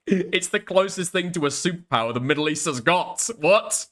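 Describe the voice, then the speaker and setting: A man's voice: a little high, a little fast, fairly bright tone. A young man streaming commentary, ranting casually with lots of swearing and pushy "okay?" tags. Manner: profane, emphatic, repeats "okay?" to press points. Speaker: streamer reacting to clips.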